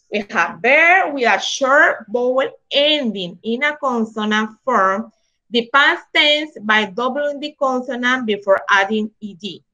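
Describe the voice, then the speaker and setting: A woman teacher, slowly explaining English grammar rules and switching into to clarify. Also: on the high side, sharp tone. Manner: slow, deliberate, switches between English and Spanish explanations. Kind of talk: classroom grammar lesson. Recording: dull lo-fi recording.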